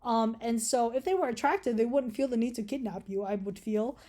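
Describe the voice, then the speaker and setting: A woman's voice: on the high side, brisk, mellow. A woman vlogger speaking in a casual, rambling rant, full of swearing and jokes. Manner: rambling, profane, jokey.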